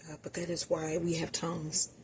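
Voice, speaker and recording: A home cooking vlogger narrates casually from her kitchen, addressing her viewers as y'all. She speaks at a moderate pace in a low, monotone voice with a darkish tone. A little hiss or hum runs underneath.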